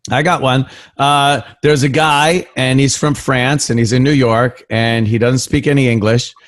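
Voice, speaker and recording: A man's voice: medium pitch, fairly even intonation, measured pace, fairly bright tone. A man co-hosting a comedy podcast, teasing dryly in casual banter and laughing easily. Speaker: podcast co-host.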